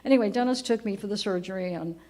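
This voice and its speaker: Woman, 70s, widow's eulogy, church memorial service, conversational storytelling, soft laughter, gentle. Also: medium pitch, fast. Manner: gentle, conversational, laughing softly at her own stories.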